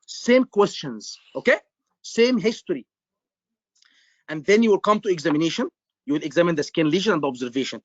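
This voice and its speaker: A man's voice: a little high, animated, a little fast, pauses often, dry recording, lo-fi sound. A man tutoring medical students in a live online lecture. He keeps repeating his questions and stresses the key points. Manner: repetitive, quizzing students, emphatic.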